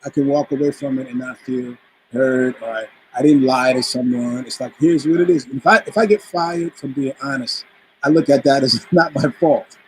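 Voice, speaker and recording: A man from the Bronx, New York, a guest musician, recounts a story in a casual interview, animatedly acting out quoted voices. His medium-pitched voice moves at normal speed, and the low-quality recording has a little hiss or hum.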